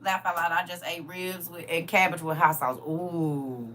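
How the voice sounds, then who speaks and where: A woman's voice: lowish voice, fairly quick, slight background noise. A middle-aged woman chatting bluntly and animatedly to her live viewers as host. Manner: blunt, animated, talks to her audience as y'all and baby. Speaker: livestream host. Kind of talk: casual chat to viewers.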